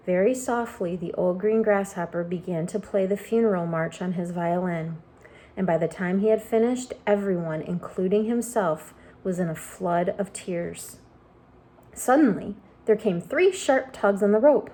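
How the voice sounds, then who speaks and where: A woman reading a children's book aloud, expressive and animated. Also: medium pitch, normal speed. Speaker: storyteller.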